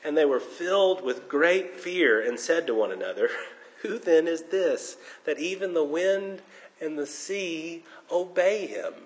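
Pastor, male, higher-pitched voice, expressive preaching style, recorded with long hall reverb. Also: a little slow. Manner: animated, swinging from loud emphasis to hushed tones; jokes at his own expense. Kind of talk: sermon.

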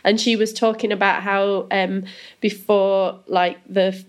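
A woman's voice: medium pitch, little pitch movement, unhurried. A woman hosting an interview, chatting casually with many fillers. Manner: warm backchannels, chatty, says like a lot. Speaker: podcast host.

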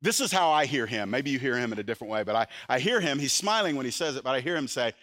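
An older man preaching a sermon as a pastor, animated, voicing quotes with sudden loud jumps. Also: mid-range voice, fast talker, hardly any pauses.

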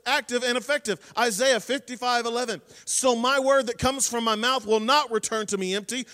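A man preaching a sermon, emphatic, swinging between loud proclamations and quiet, intense stretches. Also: very high-pitched, long reverb tail. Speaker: pastor.

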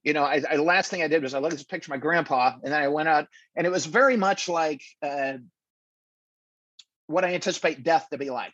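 A man, a stand-up comedian, telling stories in a casual interview, animated and full of restarts and acted-out quotes. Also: fairly high pitch, fairly quick, slightly rough, no echo, rough recording.

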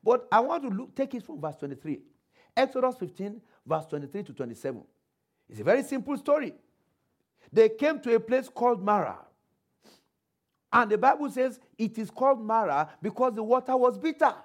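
A male preacher with a very high, sing-song voice delivers a sermon, quoting scripture and posing rhetorical questions to the congregation while calling for their responses. He varies his pace and loudness for emphasis, slowing down and speeding up.

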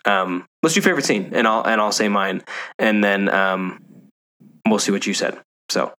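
A man with a fairly low voice co-hosting a casual podcast and leading the talk. He retells a film scene with energy, stopping to correct himself along the way. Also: moderate pace. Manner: animated storytelling, self-correcting recaps. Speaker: podcast co-host. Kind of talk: casual movie discussion chat.

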